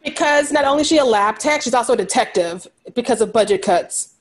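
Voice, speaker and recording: A woman co-hosting a podcast, recapping a movie in casual chat with sarcastic, animated jokes and frequent laughter. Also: fairly high pitch, fairly quick. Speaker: podcast co-host.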